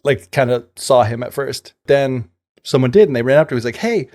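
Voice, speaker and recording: A man's voice: mid-range voice, steady tone, a little fast, darkish tone. A man co-hosting a podcast, casually retelling a folk tale in a loose, chatty way, full of fillers and paraphrased dialogue. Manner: loose storytelling peppered with fillers and paraphrased quotes. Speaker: podcast co-host.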